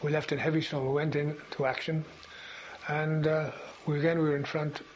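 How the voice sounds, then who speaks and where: A man's voice: a little high, little pitch movement, normal speed. Older man recalling, with fillers. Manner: rambling, frequent fillers and restarts. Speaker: veteran interviewee. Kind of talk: oral history recollection. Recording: dull lo-fi recording with faint hiss.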